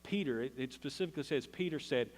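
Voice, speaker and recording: Southern male pastor, folksy sermon storyteller, average pitch, recorded with long church-hall reverb. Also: fast talker. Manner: folksy storytelling, acts out quoted voices.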